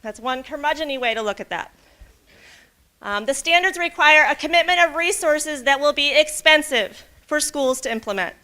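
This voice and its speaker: A woman's voice: high-pitched, animated, moderate pace, pushed and bright. A woman presenting at a professional development day for teachers. She reads a picture book aloud with voices for the characters, then guides the room in a brainstorm and keeps checking in with "okay?".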